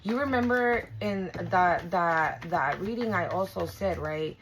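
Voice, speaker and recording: A woman with a gravelly, fry-heavy voice sitting a little low in her range. She reads cards casually for her viewers and swears freely. She is blunt and emphatic, and she often repeats herself to drive a point home. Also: a little slow, slight background noise, low-quality recording. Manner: emphatic and repetitive, restarts often. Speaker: tarot reader. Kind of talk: casual spiritual reading to viewers.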